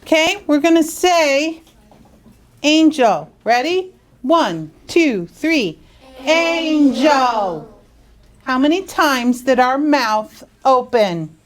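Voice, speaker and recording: A woman teaching young students phonics in a school classroom, drawing words out slowly and asking coaxing questions. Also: high voice, very animated. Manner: slow, drawn-out, coaxing questions.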